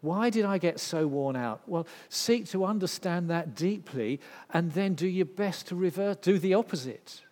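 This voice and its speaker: Guy preaching a sermon, kinda high voice, goes big then quiet, hall echo. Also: expressive, moderate pace, few pauses. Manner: dramatic swings from loud to hushed. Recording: long reverb of a hall.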